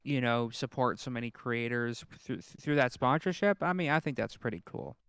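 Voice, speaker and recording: Male podcast co-host, bright crisp tone, stumbling restarts, dry close mic. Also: medium pitch, animated, moderate pace, no room sound. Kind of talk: casual podcast chat.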